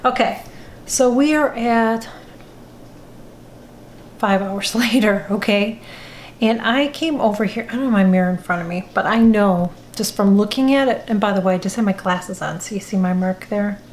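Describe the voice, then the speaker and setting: A woman's voice: medium pitch, moderate pace, a little hiss or hum. Older woman vlogger, chatty and self-correcting, recorded in an echoey home room. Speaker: beauty vlogger. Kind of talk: unscripted makeup review. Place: indoor home room, rain outside. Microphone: camera mic. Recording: echoey room on camera mic.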